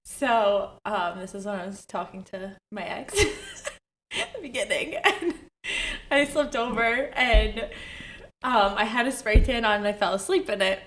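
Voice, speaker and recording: A woman's voice: mid-range voice, expressive, a little slow, a bit bright, slight background noise. Chatty young woman, podcast co-host. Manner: chatty, filler-heavy with "like" and "you know". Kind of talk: casual chat.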